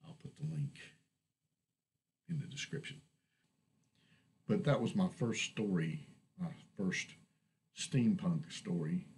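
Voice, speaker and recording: A man reading his own fantasy short story aloud in a steady, measured storybook narration. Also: sits low, slight background noise, low-quality recording.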